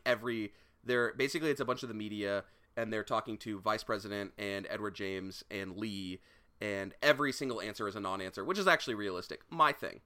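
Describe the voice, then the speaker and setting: A man's voice: on the low side, sharp tone. A man co-hosting a podcast, bantering and teasing his co-host in casual, profane chat.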